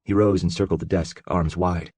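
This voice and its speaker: A man narrating an audiobook in a steady, measured storytelling voice. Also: low voice, slightly rough, dry recording. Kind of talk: scripted narration.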